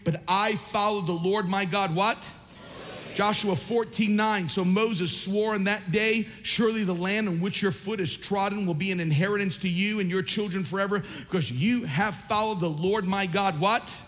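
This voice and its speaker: A man with a high voice preaches a sermon, impassioned and rising to shouts, reading scripture and quizzing his listeners. His voice rings out with a long reverb, as if heard in a large hall. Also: normal speed, few pauses, soft background music. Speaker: pastor.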